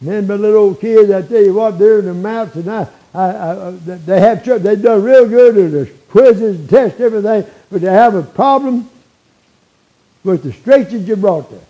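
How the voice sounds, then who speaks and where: Man in his eighties, preacher, folksy sermon, high-pitched, mellow tone, keeps asking "all right?". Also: normal speed, rough recording. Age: 80s. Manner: folksy, frequent tag questions like "all right?".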